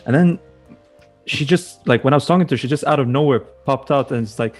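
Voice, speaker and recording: A man's voice: mid-range voice, a little fast, faint music behind. A young man co-hosting a podcast, talking casually in a rambling, hesitant way and correcting himself as he goes. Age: young adult. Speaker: podcast co-host. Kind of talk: casual chat.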